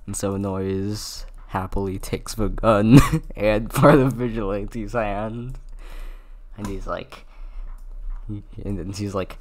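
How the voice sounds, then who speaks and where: A man makes up a goofy fan story as he draws, repeating words and breaking into laughter. His voice sits low and he talks very slowly, and he often trails off while he works. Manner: stammering repeats, frequent laughter. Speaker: storyteller drawing on stream. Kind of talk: improvised comedic fan story.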